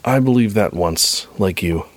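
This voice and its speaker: A man reading the part of a wise, gentle older woman leader in a script read-aloud, softly and with measured pacing. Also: fairly low pitch, no echo. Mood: tender.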